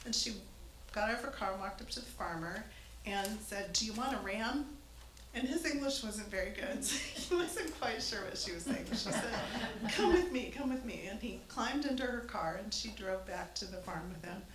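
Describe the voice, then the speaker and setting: A woman with a medium-pitched, slightly bright voice and lively intonation speaks at a normal speed. Chatty and amused, she tells a live audience a funny family story and laughs between lines. The recording comes from an echoey church hall with faint noise.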